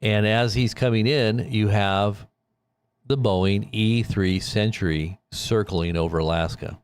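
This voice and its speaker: Guy doing a news livestream, low voice, slow and rambly, reads headlines and chats to himself. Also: fairly even intonation, smooth. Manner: rambling, thinks aloud while reading headlines. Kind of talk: casual livestream news commentary.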